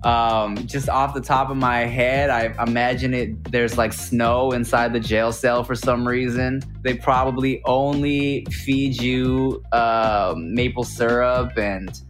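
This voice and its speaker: A man spins a comic story with animated, self-mocking asides. He rambles cheerfully from one tangent to the next. His pitch sits in an easy middle register. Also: slow pace, hardly any pauses, soft background music.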